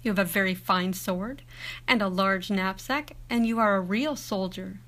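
A woman's voice: medium pitch, normal speed, fairly bright tone, lightly acted. A woman voicing a frightful old witch in a storybook reading, in a coaxing, instructive tone.

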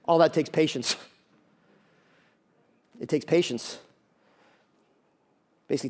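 A male pastor giving a conversational sermon with jokey asides and lively emphasis. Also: on the high side, slow, long pauses.

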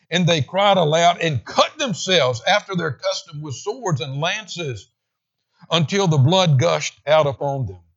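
Male preacher, higher-pitched voice, emphatic sermon delivery, dull lo-fi recording. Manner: emphatic preaching, slows down to read scripture. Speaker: pastor.

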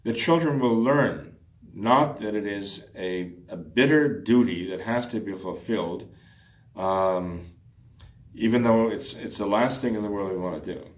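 A man with a fairly low voice talks earnestly and in a measured way, stopping to restart phrases and clear his throat. His voice carries a noticeable room echo. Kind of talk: discussion on prayer.

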